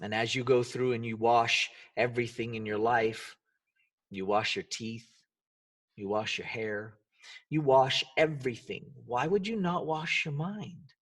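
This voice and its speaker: A man's voice: medium pitch, measured pace, fairly bright tone, husky, recorded from a distance. A man hosting a motivational podcast, talking with energy and emphasis, often asking rhetorical questions. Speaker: podcast host and dance coach.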